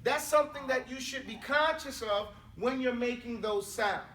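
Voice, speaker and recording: High-voiced man drilling pronunciation in class. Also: normal speed, slight background noise. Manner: drills sounds loudly, then explains. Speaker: Arabic teacher. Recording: roomy classroom, far from the mic, class audible.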